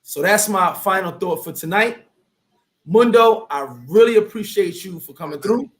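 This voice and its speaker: A man hosting a casual talk show, speaking in a lively, preachy motivational way. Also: high-pitched, moderate pace. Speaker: host. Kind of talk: casual chat.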